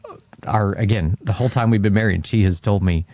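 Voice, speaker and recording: Slow, gravelly, earnest man. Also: fairly low pitch, a little mellow, no echo, studio quality. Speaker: married guest. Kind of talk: casual podcast chat.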